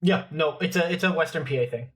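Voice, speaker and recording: A man, co-hosting a podcast and throwing in quick teasing quips. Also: on the high side, a bit bright. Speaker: podcast co-host. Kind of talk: casual chat.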